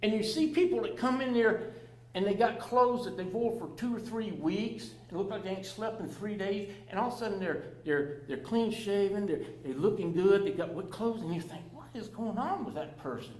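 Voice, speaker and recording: High-voiced man in his sixties. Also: animated, moderate pace. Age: 60s. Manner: laughs often, repeats words, plainspoken and earnest. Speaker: panel speaker in recovery. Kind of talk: personal storytelling to a live audience. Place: public library meeting room. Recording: echoey room with faint hum.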